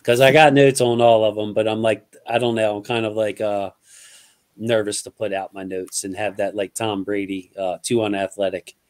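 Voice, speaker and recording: A man's voice: lowish voice, little pitch movement, moderate pace. A man hosting a casual sports podcast, loose and slangy, talking football scouting with a guest. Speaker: podcast host.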